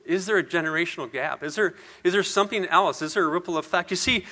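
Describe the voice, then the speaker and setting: With a fairly high, fast, bright and forceful voice, a middle-aged man speaks earnestly as a motivational speaker. Recounting something from his own life, he throws rhetorical questions at listeners and doubles up words when he gets emotional.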